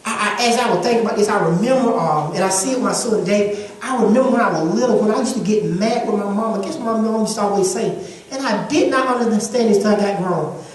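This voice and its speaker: A woman's voice: mid-range voice, quick pace, darkish tone. A woman preaching a sermon to a congregation, emphatic and repetitive, in a call-and-response style. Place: church sanctuary with congregation. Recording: echoey church hall from far off.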